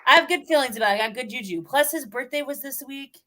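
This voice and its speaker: A woman guest chatting excitedly about football, animated and expressive. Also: high-pitched, fast talker. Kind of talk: casual chat.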